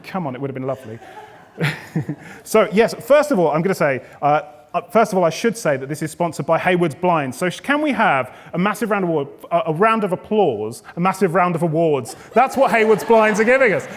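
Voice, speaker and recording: High-voiced man hosting comedy, echoey hall. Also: expressive, a little fast. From England. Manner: jokey, playful, loud calls to the audience. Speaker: awards host, stand-up comedian. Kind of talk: stand-up crowd work hosting live event. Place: event venue hall, indoors. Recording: echoey hall with long reverb.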